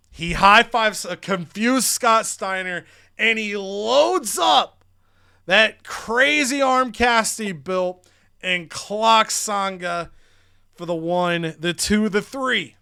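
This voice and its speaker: A man's voice: high voice, vocal fry, smooth, no echo, studio quality. A man hosting a gaming channel, narrating the story of his wrestling game and acting out the characters. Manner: animated, acts out characters' lines.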